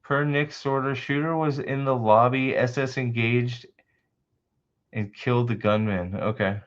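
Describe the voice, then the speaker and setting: A man's voice: mid-range voice, steady tone, measured pace, lo-fi sound. A man hosting a livestream in casual chat, rambling and swearing heavily, often restarting his sentences. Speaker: livestream host.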